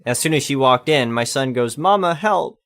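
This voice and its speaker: A man's voice: mid-range voice, steady tone, fairly quick, fairly bright tone, clear, resonant tone. A man narrating an online storytime post in a plain read-aloud delivery.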